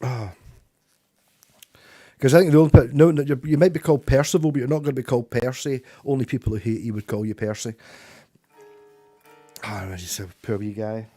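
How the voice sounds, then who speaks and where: A man's voice: medium pitch, brisk, pauses often, mellow, faint music behind. A man with a Scottish accent chatting casually with viewers on his livestream, rambling, swearing and chuckling. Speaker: livestreaming musician.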